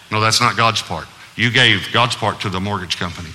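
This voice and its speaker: A pastor delivers a sermon in a bright, forceful male voice, emphatic yet conversational, with touches of humor and deliberate pauses. His words ring out with a long reverb in a large church hall. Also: medium pitch, expressive.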